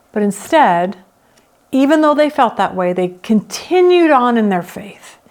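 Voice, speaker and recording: A woman leading a Bible study, reading scripture and teaching, who acts out the psalmist's complaints with feeling. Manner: expressive, acts out the psalmist's complaints with rising pitch.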